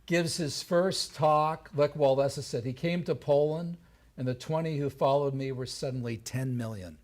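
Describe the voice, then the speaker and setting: A man giving a lively storytelling talk on history before an audience, acting out the voices of the people he quotes. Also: mid-range voice, normal speed. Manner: animated, acts out quoted voices. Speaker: lecturer. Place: event hall before an audience.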